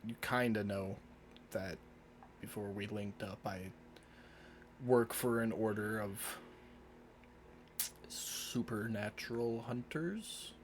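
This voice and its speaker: A man's voice: lowish voice, slow pace, pauses often, a little hiss or hum. A man at a tabletop game describing his character's actions in first person, in a laid-back manner with loose fillers. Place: home streaming setup.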